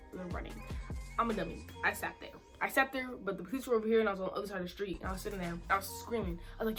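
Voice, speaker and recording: A young adult woman telling a casual storytime, animated and slangy, repeating herself for emphasis. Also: medium pitch. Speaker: vlogger.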